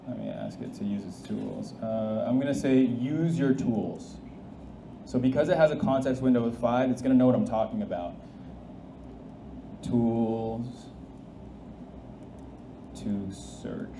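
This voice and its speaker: Casual man demoing software in an echoey hall. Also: medium pitch, measured pace, pauses often. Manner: casual, restarts often, thinks aloud. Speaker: presenter demoing AI agents. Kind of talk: live tech demo talk. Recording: echoey hall with faint noise.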